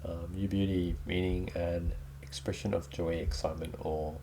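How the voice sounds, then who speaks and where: Deep-voiced young Australian man rambling. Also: flat delivery, moderate pace, vocal fry, noisy background. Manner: rambling, laid-back, many ums. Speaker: podcast host. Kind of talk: casual solo podcast chat.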